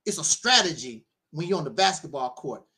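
Animated, lively-voiced storytelling man. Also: fairly high pitch, fairly quick. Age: middle-aged. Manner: animated storyteller, laughs often, preachy asides. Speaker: minister. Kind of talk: casual spoken monologue.

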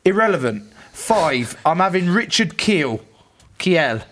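A man's voice: fairly high pitch, big pitch swings, takes it slowly, a bit bright. A man in his thirties, a rugby player guest, bantering bluntly and jokily on a podcast with plenty of swearing.

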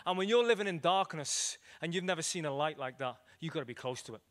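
A man preaches to a church gathering, his voice sitting a little high for a man. He tells stories with lively energy, slipping into the voices of the people in them. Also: quick pace. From Liverpool, England. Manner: animated storyteller acting out dialogue. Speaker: evangelist preacher. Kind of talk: storytelling evangelistic sermon. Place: church meeting room with audience.

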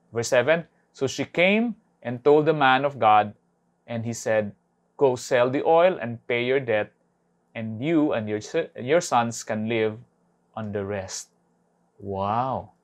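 Preaching man. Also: mid-range voice. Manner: conversational preaching, tag questions "no?". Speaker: pastor. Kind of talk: online sermon. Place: home or church online service.

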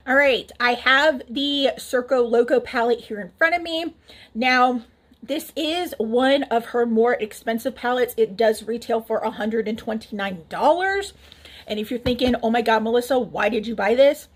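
Vlogger, woman, high-pitched, chatty and relaxed, laughs easily. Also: measured pace. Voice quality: speaking with a swollen cheek. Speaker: beauty reviewer. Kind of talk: casual makeup review vlog.

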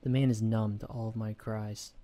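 Mellow-voiced man narrating a horror story. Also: fairly low pitch, little pitch movement, normal speed.

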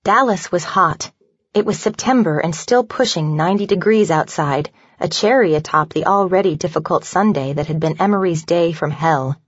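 A woman narrating a novel in an even, measured storytelling voice. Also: lowish voice, slightly rough, no echo. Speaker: audiobook narrator. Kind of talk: scripted narration. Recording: dull lo-fi dry recording.

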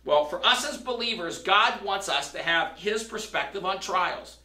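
A man's voice: high-pitched, expressive, moderate pace, pushed and bright, recorded from a distance. A male pastor preaching a sermon in a conversational way that builds to emphatic questions. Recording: roomy, from across the room.

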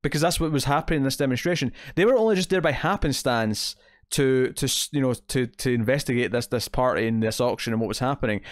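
A fast-talking man with a medium-pitched voice co-hosts a podcast, casually reviewing TV episodes. His chat wanders, full of fillers and quoted asides. The recording is dry and of studio quality.

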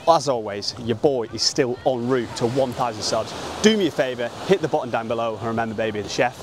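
A man's voice: mid-range voice, a little fast, noisy background. A young man, a travel vlogger, talking casually and upbeat, with lots of slang, outdoors by a beach.

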